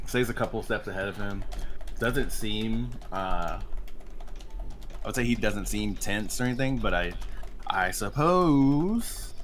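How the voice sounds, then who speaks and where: A man's voice: fairly low pitch, a little hiss or hum. A man playing a tabletop role-playing game, describing his character's actions in a casual, meandering way. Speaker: player. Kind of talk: tabletop role-play narration.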